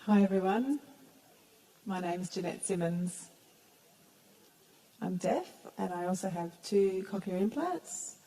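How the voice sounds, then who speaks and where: A woman's voice: mid-range voice, animated, takes it slowly, long pauses, dark tone, a little hiss or hum, low-quality recording. A woman interpreting for panelists in a plain, matter-of-fact way. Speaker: sign language interpreter voicing panelists. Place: main stage at a museum, before an audience.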